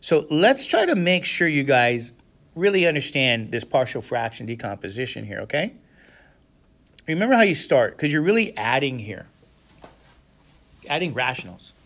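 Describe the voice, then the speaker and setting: A man teaching a classroom lecture who keeps asking the class questions to check they follow, with sudden animated exclamations. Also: mid-range voice, moderate pace, long pauses. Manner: asks the class frequent questions, checking understanding. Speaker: math instructor.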